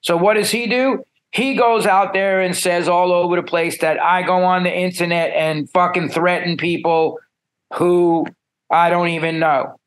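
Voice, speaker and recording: A middle-aged man, telling stories as a musician guest in a blunt, profane and animated way. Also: high-pitched, a little slow. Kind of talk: casual storytelling.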